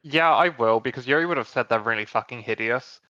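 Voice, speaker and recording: Bright-voiced male player, dry lo-fi mic. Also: mid-range voice, a little fast, no echo. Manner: rambling, self-correcting. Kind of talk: casual tabletop play.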